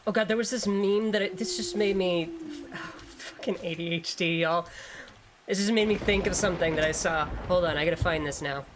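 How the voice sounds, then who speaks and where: A woman's voice: fairly low pitch, moderate pace, background noise. A woman streamer giving casual gameplay commentary, rambling, joking and swearing freely. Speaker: gaming streamer.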